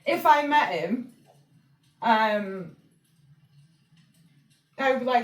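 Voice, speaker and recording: A woman's voice: a little high, expressive, extremely slow, long pauses, recorded from a distance. A woman from England talking casually and rambling about spiritual life lessons, with lots of fillers and restarts. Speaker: channel host. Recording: echoey room, voice somewhat off-mic.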